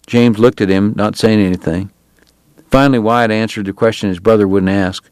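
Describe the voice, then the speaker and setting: A man narrating an audiobook in a steady, even storytelling manner. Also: fairly low pitch, normal speed, dry recording, clean studio sound.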